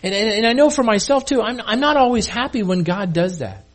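A man's voice: sits high, lively intonation, fairly quick. A male pastor delivering a sermon in a casual, conversational way, often repeating and restarting words.

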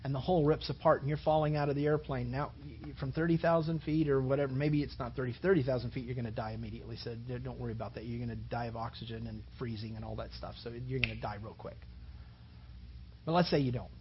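A man's voice: mid-range voice, steady tone, fast talker, muffled recording, slight background noise. A man preaching a sermon in a conversational way, repeating words and building to emphatic points. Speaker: pastor.

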